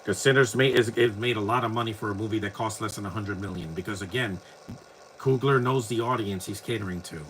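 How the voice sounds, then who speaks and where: Male host, casual watch-along commentary, bright forceful voice, opinionated and rambling, faint noise behind. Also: on the low side, fast, rough recording.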